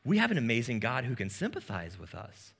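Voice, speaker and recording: A man preaching a sermon as pastor, in a casual, joking manner with lively asides. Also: medium pitch, brisk, creaky.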